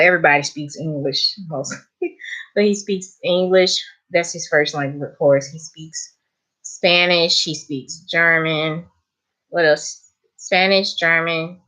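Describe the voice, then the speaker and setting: A woman's voice: on the low side, a bit bright. A Southern woman chatting casually to her viewers, laughing often and calling them honey. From American South. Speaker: vlogger. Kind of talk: casual chat to camera.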